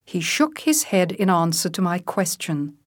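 A woman reading English vocabulary drills aloud as a teacher, saying each word and example sentence slowly and deliberately. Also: lowish voice, big pitch swings, no echo, clean studio sound. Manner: clear, deliberate word-by-word enunciation.

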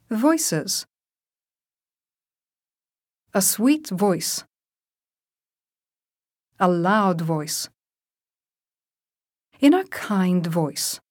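A woman reads vocabulary drills aloud, one word at a time, with an extremely slow and measured pace. Every syllable is clearly enunciated, and the recording is dry and close with no room sound. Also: fairly low pitch, no room sound. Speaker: language teacher reading vocabulary.

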